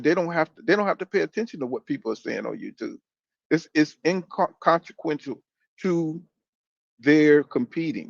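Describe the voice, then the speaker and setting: A man's voice: on the high side, no echo, highs cut off. A man giving a casual, profane opinion rant about boxing, rambling and repeating filler phrases as he talks. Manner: rambling, profane, keeps saying "you know what I'm saying". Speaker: boxing commentator.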